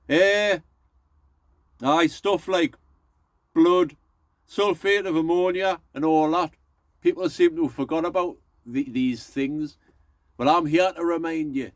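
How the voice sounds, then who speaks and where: A man's voice: a little high, takes it slowly, long pauses, no echo. A middle-aged man, chatting casually and rambling to his viewers as an allotment vlogger. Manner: rambling, folksy, addresses viewers as folks.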